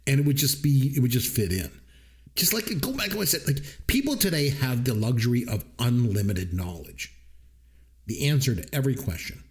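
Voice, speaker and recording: A middle-aged man talks casually about a movie with a very lively voice. He animates his stories and slips into other people's voices when quoting them. His pitch sits in a middle range. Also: fairly quick. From Canada. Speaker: podcast co-host. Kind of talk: casual movie-review chat.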